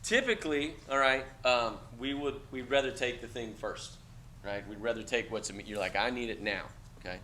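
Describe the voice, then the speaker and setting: A middle-aged man lecturing students in a classroom with a bright, forceful voice. He keeps it loose and blunt, checking in with "okay?" and dropping the odd swear. There is a faint hiss in the background. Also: mid-range voice, moderate pace. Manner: conversational, blunt, peppers lines with "okay?" and casual swearing. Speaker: university lecturer.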